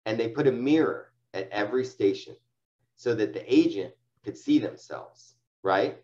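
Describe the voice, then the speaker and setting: A man's voice: mid-range voice, expressive, normal speed, darkish tone, lo-fi sound. A man giving casual, encouraging coaching to his sales agents, full of fillers and restarts. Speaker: sales team leader. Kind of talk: coaching talk on phone sales.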